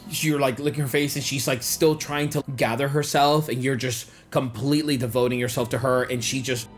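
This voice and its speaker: A man's voice: mid-range voice, flat delivery, normal speed. Male game master, vivid descriptive narrator, light music bed.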